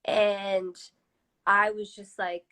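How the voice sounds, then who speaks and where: A woman's voice: medium pitch, little pitch movement, drawn-out words, pushed and bright, low-quality recording. A woman singer chatting casually in a live-stream interview on a phone, filling her talk with "like" and "you know". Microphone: phone on a live video stream.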